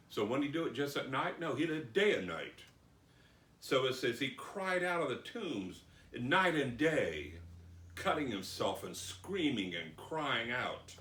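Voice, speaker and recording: A man teaching the Bible, reading scripture slowly and dramatically, then commenting. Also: medium pitch, big pitch swings, bright, forceful tone. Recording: roomy echo, distant mic.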